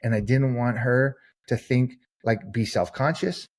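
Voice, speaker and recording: A man's voice: medium pitch, fairly even intonation, a little slow. A man, a guest author on a podcast, giving long earnest answers and acting out the people in his stories. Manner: earnest storyteller, acts out quoted people. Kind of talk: conversational interview answer.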